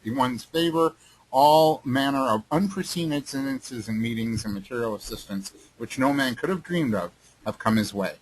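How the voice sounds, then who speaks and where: A man hosts a casual interview at an ordinary middle pitch, his questions winding along with many stops and restarts. A faint hiss runs under the recording. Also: poor audio. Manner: halting, many fillers and restarts. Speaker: host.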